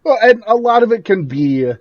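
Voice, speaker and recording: A man's voice: high-pitched, big pitch swings, normal speed. A man with a Midwestern US accent, co-hosting a casual podcast chat, laughing often and asking the questions. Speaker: podcast co-host. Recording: dull lo-fi dry recording.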